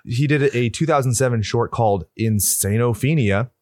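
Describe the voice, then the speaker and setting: A man's voice: mid-range voice, normal speed, dry recording, studio quality. A man co-hosting a casual movie review podcast, joking and swearing as he banters with his co-host.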